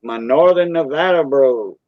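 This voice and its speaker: A man's voice: medium pitch, measured pace, no echo, narrow, tinny audio. A man with a South Louisiana Cajun accent hosting a casual live stream chat, rambling along with plenty of "you know" fillers. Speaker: stream host.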